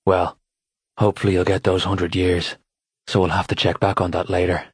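A man voicing a strong shapeshifter hero in an audiobook, speaking in a low, measured, strained way. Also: little pitch movement, breathy edge, no echo, clean studio sound.

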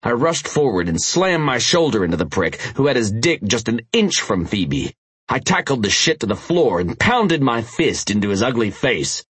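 A man reading first-person audiobook narration in a gritty, profane, intense manner, with a husky voice. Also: mid-range voice, sing-song, moderate pace, fairly bright tone, no room sound.

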